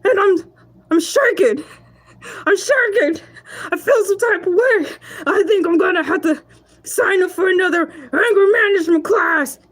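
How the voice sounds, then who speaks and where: A woman's voice: very high-pitched, expressive, measured pace. A woman voicing a brash, self-proud male shark who hosts a live comedy show, talking in quavering, mock-outraged rants broken up by laughter. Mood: worked up. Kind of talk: live-stream comedy monologue.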